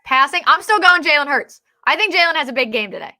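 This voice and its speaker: A woman co-hosting a casual sports chat, excitable, often trailing off and restarting mid-sentence. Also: sits high, fast talker. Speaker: podcast co-host.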